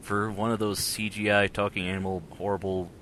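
A podcast co-host chats casually about old shows and cartoon films, animated and jokey, rambling and restarting his sentences. His voice is on the low side and fairly quick, with slight background noise in the recording.

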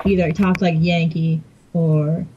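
A woman's voice: low-pitched, little pitch movement, moderate pace, dark tone, dull audio, slight background noise. A woman from Virginia and New York, a podcast guest joking dryly in casual chat.

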